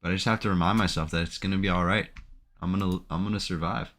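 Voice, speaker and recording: Narrating his trades live on stream, this male day trader mutters to himself in an anxious, emotional way. He speaks quickly in a low, steady voice with a slightly bright quality.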